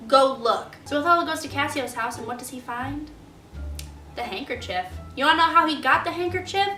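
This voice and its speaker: A woman's voice: sits high, animated, a little fast, sharp tone, distant mic. A young woman student retelling a play's plot in a casual, chatty way, full of fillers. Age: young adult. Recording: roomy echo, faint music.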